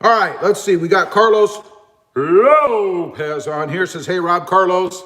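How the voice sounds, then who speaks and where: A man hosting a casual livestream, talking loudly and reading out viewer comments. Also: high-pitched, measured pace. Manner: loud, animated, reads viewer comments. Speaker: livestream host.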